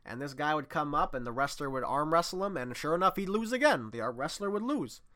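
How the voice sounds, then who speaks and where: Bright-voiced rambling male storyteller. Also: a little fast. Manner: rambling storyteller, swings from low mutter to loud excited bursts. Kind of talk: casual monologue.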